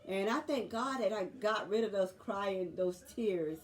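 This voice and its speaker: A woman in her forties speaking in an earnest, halting video diary, pausing often as she talks. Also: medium pitch. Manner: earnest, halting, faith-filled, with many pauses and fillers. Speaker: nurse sharing a health journey.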